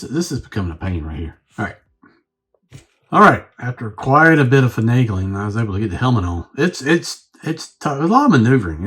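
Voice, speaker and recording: A man's voice: on the low side, breathy edge. A man reviewing a toy on his own channel, rambling and thinking aloud as he fiddles with the figure. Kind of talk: casual unscripted review.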